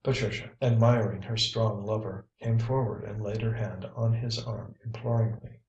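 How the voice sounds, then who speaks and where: A man narrating an audiobook in an even, measured reading. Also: lowish voice, highs cut off. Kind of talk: scripted narration. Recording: roomy, distant mic.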